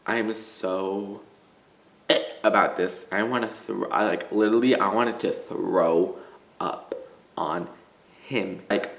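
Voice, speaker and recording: A man's voice: fairly low pitch, fairly even intonation, slow, creaky, fairly bright tone, reverberant. A teenage boy from Illinois telling stories in a casual vlog, rambling with lots of "like" and fillers. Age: teens. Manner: rambling, filler-heavy, full of "like". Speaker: vlogger.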